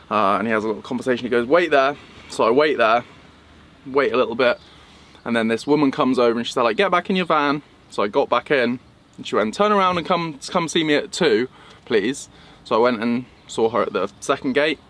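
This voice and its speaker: A young man from England recounting a travel mishap in a vlog, animated and acting out the people he met. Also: medium pitch. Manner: animated retelling, acting out quoted voices. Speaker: vlogger. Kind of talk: storytelling vlog.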